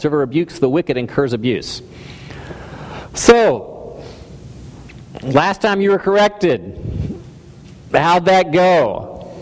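A man delivers a sermon in a loose, conversational way, often restarting his sentences and poking fun at himself. His voice sits a little on the high side, and a long reverb trails behind it in a church hall. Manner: conversational, self-deprecating, many restarts and stammers. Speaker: pastor.

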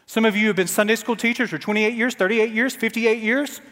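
A male pastor preaching a dramatic sermon to his congregation, sometimes dropping to soft near-whispers. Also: high voice, steady tone, brisk. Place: church sanctuary. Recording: church sanctuary with long reverb.

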